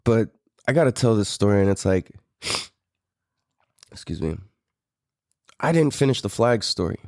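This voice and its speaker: Somewhat low and darkish, this middle-aged man's voice is expressive and a little slow, recorded cleanly in a studio without echo. He hosts a podcast and, drawing on his Mira Mesa, San Diego roots, tells a laid-back, profane story in casual chat, laughing a lot.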